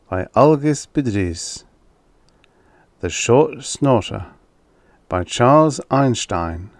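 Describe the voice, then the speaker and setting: A man reading vintage science fiction aloud in a measured, deliberate way, as an audiobook narrator. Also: fairly low pitch, no room sound.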